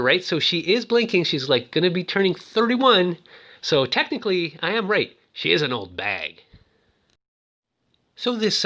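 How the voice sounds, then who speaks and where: A man's voice: mid-range voice, pushed and bright. A man casually recapping a film, rambling and chatty, and acting out the characters' lines as he goes. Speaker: movie recap host.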